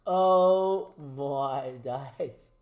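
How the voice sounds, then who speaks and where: A young man giving excitable play-by-play commentary on a football video game, jumping between commentator-style shouts and quiet, choked-up asides. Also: medium pitch, drawn-out words, reverberant, phone-quality sound. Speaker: gaming streamer.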